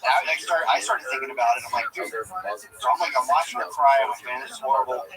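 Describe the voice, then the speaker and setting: A young man, a new father, telling a profane, animated story in casual chat with friends. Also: mid-range voice, fast talker. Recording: distant mic with loud crowd noise behind.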